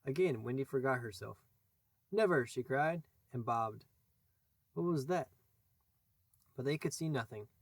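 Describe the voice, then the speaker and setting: A man narrating a classic children's novel in a measured storytelling voice. His pitch sits in the middle range, and the recording is dry and close, with no room echo. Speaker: audiobook narrator. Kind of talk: scripted narration.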